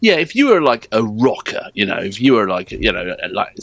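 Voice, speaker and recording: Lively rambling male co-host, dry sound. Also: fairly low pitch, normal speed, creaky, no room sound. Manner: rambling, full of "you know" and "like". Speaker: co-host of a music reaction channel. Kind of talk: casual chat.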